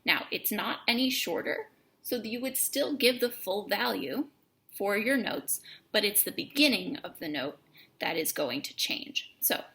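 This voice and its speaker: A woman teaching a music lesson, explaining note markings in a clear, encouraging way with emphasis on key words. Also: mid-range voice, sharp tone. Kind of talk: instructional lesson.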